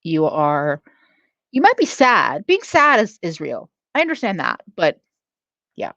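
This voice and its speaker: Woman, livestream host, casual chat, laughs a lot, swears, low animated voice, dull lo-fi sound. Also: a little slow, long pauses, dry recording. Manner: chatty, laughs often, swears freely. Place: at home.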